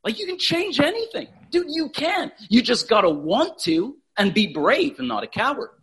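A man's voice: very high-pitched, sing-song, normal speed, gravelly, a bit bright, husky. A man from Canada talking as a podcast guest in an emphatic, casual way, swearing freely. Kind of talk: animated motivational talk.

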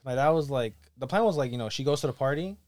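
A man's voice: medium pitch, lively intonation, fast, darkish tone, no echo. A young man hosting a podcast, telling casual stories with lots of profanity and acted-out quotes. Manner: storytelling, profane, acts out quotes. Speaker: podcast host. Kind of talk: casual chat.

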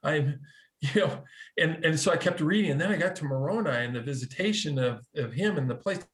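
Animated storytelling man, slightly high voice. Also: brisk. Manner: animated, acts out quoted dialogue, frequent restarts. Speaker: guest telling a conversion story. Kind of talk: casual storytelling.

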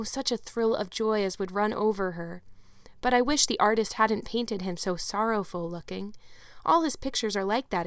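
A woman's voice: medium pitch, a bit bright, no room sound, studio quality, lightly acted. A woman reading the part of a dreamy, talkative orphan girl in an audiobook, with gushing, imaginative run-on chatter. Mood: wistful.

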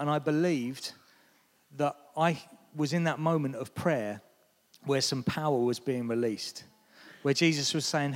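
A British man with a slightly high voice preaches a sermon at a normal pace, telling stories with animation and acting out quoted lines in a raised voice. The recording carries a long hall reverb.

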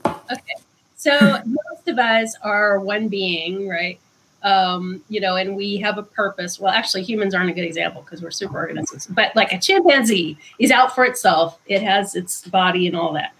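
A woman guest author explaining ideas in conversation, thoughtful and unhurried, with frequent ums. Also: mid-range voice, a bit bright, a little hiss or hum, rough recording.

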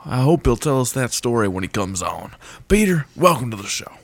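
A man's voice: mid-range voice, very animated, brisk, creaky, no echo. A man playing a formal, upbeat male game show host who delivers announcer-style introductions. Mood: announcing.

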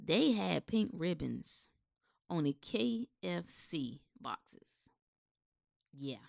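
A woman's voice: on the low side, sing-song, very slow, gravelly, a little mellow. A woman giving a blunt, impassioned, unscripted rant with swearing, speaking straight to her listeners.

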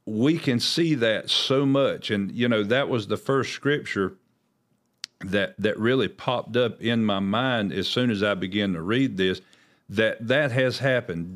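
An earnest man with a lowish voice, talking through scripture in a casual discussion. He has a preacher's habit of leaning hard on quoted verses to give them weight. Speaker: host.

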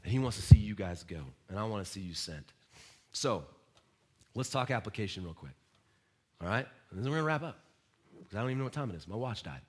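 A man preaching a sermon as pastor, emphatic, with direct questions to the congregation and sudden rises and soft drops. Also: lowish voice, lively intonation, quick pace, long pauses, slightly rough.

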